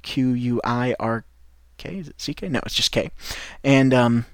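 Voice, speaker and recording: A man's voice: medium pitch, moderate pace, dry recording. Midwestern American male language teacher, encouraging pep-talk delivery, casual restarts, dry booth sound. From United States. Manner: encouraging, rambling, with frequent restarts. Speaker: English teacher and podcast host. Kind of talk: podcast lesson for French learners.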